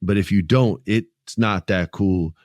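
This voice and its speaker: A man in his forties hosting a casual podcast, talking in an animated, profane way and acting out the people he quotes. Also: low-pitched, slow, dry recording, clean studio sound. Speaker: podcast host.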